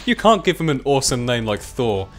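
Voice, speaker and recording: A young man gives casual, rambling, self-mocking commentary while playing a video game. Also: mid-range voice. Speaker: let's play commentator.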